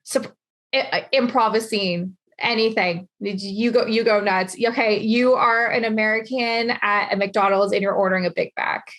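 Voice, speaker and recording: A woman's voice: medium pitch, fairly even intonation, normal speed, fairly bright tone. A woman hosting a casual interview, chatty and rambling, saying "like" constantly. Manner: chatty, rambling, heavy use of "like". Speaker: interview host.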